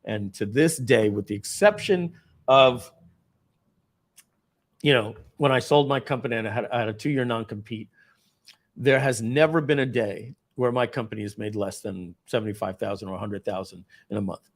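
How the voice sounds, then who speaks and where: Animated middle-aged man telling a story. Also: mid-range voice, normal speed, gravelly. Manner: animated, dramatic storyteller acting out scenes. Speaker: company founder. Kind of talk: storytelling speech at company event.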